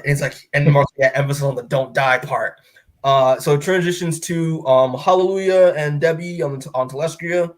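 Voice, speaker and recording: A man co-hosting a comic book podcast, giving a casual recap that rambles with fillers, restarts and quick quoted lines from the scenes. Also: mid-range voice, steady tone. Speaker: podcast co-host.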